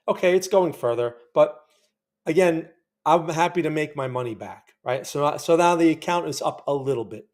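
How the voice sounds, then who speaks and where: A man's voice: a little high, darkish tone. A man hosting a live day-trading stream, talking viewers through his trades and reacting emotionally as the chart moves. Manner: chatty, keeps asking viewers to remember. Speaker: trading channel host.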